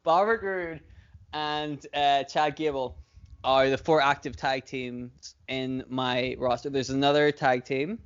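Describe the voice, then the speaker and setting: Male podcast co-host, mid-pitched, rambly and profane, laughs a lot; dull lo-fi recording. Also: flat delivery, measured pace, smooth. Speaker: podcast co-host booking wrestling shows. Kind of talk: casual chat.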